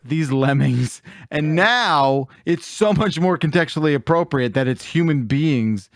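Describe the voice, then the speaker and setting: A man's voice: a little high, lively intonation, unhurried, no room sound, studio quality. A man co-hosting a podcast, blunt and crude in his joking. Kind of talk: casual podcast chat.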